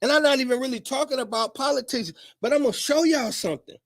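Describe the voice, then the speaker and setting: A man speaking in a profane, preachy monologue to his viewers, often rising into shouts. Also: extremely high pitch, fast. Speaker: commentator. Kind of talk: animated monologue to camera.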